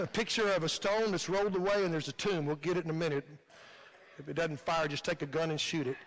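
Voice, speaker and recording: A man's voice: on the high side, fairly even intonation, fairly quick, fairly bright tone. A male pastor with a Midwestern American accent preaching a sermon in a fervent, repetitive cadence, recorded in a church sanctuary. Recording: long hall reverb.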